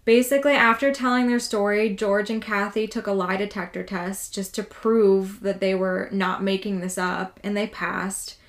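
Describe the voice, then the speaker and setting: A woman's voice: medium pitch, level tone, normal speed, few pauses. Casual woman telling a haunting story. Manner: casual, swears freely, lots of "like". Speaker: podcast co-host telling a true haunting story.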